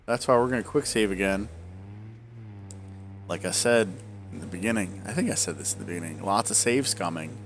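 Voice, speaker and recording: A man's voice: low-pitched, a little fast, long pauses, slight background noise. Rambling man in his forties, hiccuping. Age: 40s. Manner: rambling, trailing off into tangents. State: hiccuping, swollen tongue. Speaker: gameplay video creator. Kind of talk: casual gameplay commentary.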